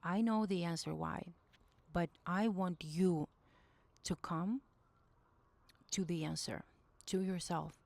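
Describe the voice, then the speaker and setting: A woman's voice: lowish voice, steady tone, slow pace, gravelly, pauses often, a little mellow, no echo. A woman giving intuitive spiritual advice in a casual monologue, speaking earnestly, often searching for words and rephrasing herself. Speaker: intuitive message reader.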